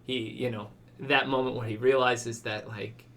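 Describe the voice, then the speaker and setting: A man's voice: mid-range voice, flat delivery, normal speed, sharp tone, a little hiss or hum. A man co-hosting a casual podcast chat, talking in a rambling way with lots of "like" fillers. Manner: rambling, many "like" fillers, acts out quoted lines. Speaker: podcast co-host.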